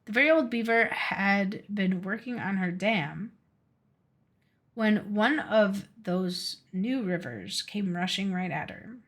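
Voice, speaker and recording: A woman streamer reading a storybook aloud from a game, steady with small slips and restarts. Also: medium pitch, slow pace.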